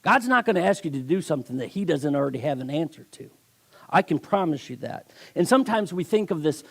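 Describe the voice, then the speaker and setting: A man's voice: a little high, gravelly. A man preaching a sermon as a guest speaker, telling stories with acted voices and emphatic delivery.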